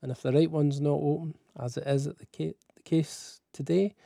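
A man's voice: on the high side, fairly even intonation, moderate pace, creaky, mellow, no echo, studio quality. A man on radio telling a wry, rambling story about his own habits. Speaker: radio presenter. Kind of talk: live radio chat. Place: radio studio.

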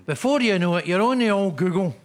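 A man's voice: sits high, lively intonation, brisk. A Scottish man on a comedy panel, joking in a chatty way and tripping over repeated words. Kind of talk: comic panel banter.

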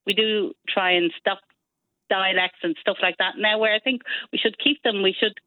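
A middle-aged woman with a soft Dublin Irish accent, calling into a radio phone-in and explaining things in a chatty, relaxed way. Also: mid-range voice, normal speed, no echo. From Ireland. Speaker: caller. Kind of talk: phone-in chat. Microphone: telephone. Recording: tinny phone line.

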